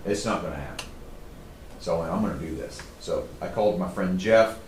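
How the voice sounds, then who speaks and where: A middle-aged man telling stories to a live audience as a trainer, in a casual, animated way. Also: low voice, brisk, a little hiss or hum. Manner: casual, animated storytelling, says "man" often. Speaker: trainer speaking to a group. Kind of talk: storytelling talk to a live audience. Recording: roomy, distant mic.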